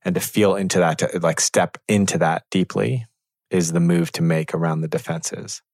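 Low voiced guy talking slow and thoughtful about stuff, dry close sound. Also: fairly even intonation, a little mellow, no room sound. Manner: thoughtful, measured, pauses to find words. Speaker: teacher. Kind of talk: reflective conversation.

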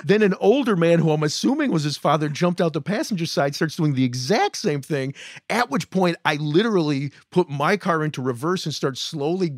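A podcast co-host from the United States with a fairly high, expressive voice speaks briskly, in clean studio sound with no room noise. He tells a road story casually and self-deprecatingly, restarting often.

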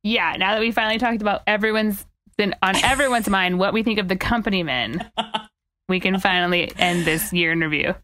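A woman's voice: mid-range voice, a little fast, a bit bright. A young woman co-hosting a podcast in casual chat, with a dry, sarcastic way of talking. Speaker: podcast co-host.

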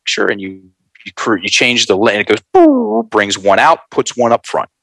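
A man telling a story in an animated, folksy way, calling his listeners folks. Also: lowish voice, normal speed, no echo, low-quality recording. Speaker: guest.

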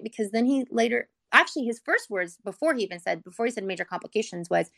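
A woman's voice: on the high side, animated, fast talker, gravelly, dry recording. A woman telling a personal story about her son in a rambling, earnest way, full of "like", close to tears at times. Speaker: mother telling her son's hospital story.

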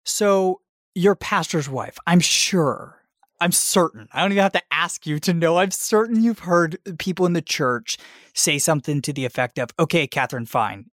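A man's voice: high-pitched, lively intonation, moderate pace, fairly bright tone, no room sound, studio quality. A man hosting a faith podcast, asking questions in an enthusiastic, affirming way. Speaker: podcast host. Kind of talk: podcast interview.

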